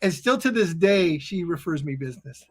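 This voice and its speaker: A middle-aged man with a high, light voice tells a personal story as a podcast guest. He talks in a loose, conversational way and acts out the people in his story with sudden loud exclamations. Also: animated, normal speed. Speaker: guest, coach and author.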